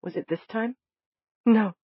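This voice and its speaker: A woman narrating a science fiction novel in the first person, in a soft, measured and emotional way. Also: a little high, husky, no echo. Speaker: audiobook narrator. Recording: dull lo-fi dry recording.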